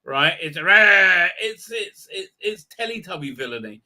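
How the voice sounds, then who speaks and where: A livestream host delivers a heated recap of a show, stopping and restarting often with fillers. His voice is bright and sharp, and sits a little high for a man. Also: big pitch swings. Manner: rambling, full of halting fillers and restarts. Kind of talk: ranting show recap commentary.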